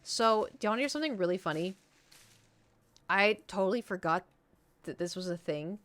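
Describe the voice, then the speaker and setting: A woman's voice: mid-range voice, expressive, moderate pace, fairly bright tone. A woman streaming, chatting casually and animatedly with her viewers. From United States. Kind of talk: casual chat with chat.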